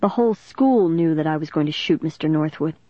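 A reader narrating a suspense novel in the first person, with steady dramatic storytelling. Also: mid-range voice, fairly quick, no room sound. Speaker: audiobook narrator. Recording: dry, dull lo-fi recording.

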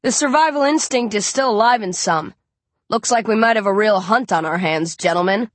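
A woman voicing a cool, commanding male hunter leader with an American accent and a slow drawl. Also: medium pitch, no echo, natural voice. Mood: calm command.

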